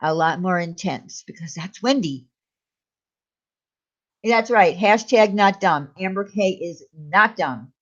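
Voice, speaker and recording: A woman's voice: fairly low pitch, slow, long pauses. A woman hosting a casual live stream, chatting with viewers and reading their comments aloud. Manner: chatty, reassuring, talks to chat by name. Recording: slightly dull lo-fi stream audio.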